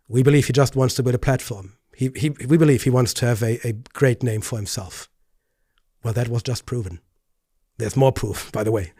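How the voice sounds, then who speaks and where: A pastor hosting his own commentary video responds to clips in a medium-pitched, slightly mellow, husky voice. He speaks earnestly but stammers and restarts often, and his pitch climbs as indignation builds. The audio is dry and close-miked with no echo or room sound.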